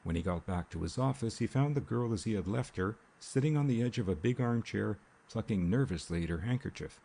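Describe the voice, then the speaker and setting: Gravelly, dark-voiced male audiobook narrator. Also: fairly low pitch, animated, fairly quick.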